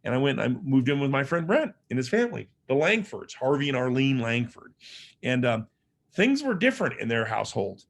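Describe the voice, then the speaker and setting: A man's voice: medium pitch, sing-song, a little fast, creaky. Casting note: middle-aged man, mid-range voice, earnest motivational storyteller, loose and conversational. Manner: earnest, conversational, frequent fillers and restarts. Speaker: motivational speaker. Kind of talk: personal storytelling speech.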